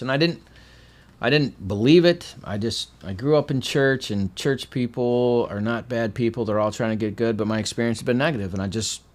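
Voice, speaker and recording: A veteran man telling his own life story in a conversational way, with dry, deadpan humor, sometimes loud and animated, sometimes quiet and heavy. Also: fairly low pitch. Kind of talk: personal spoken testimony.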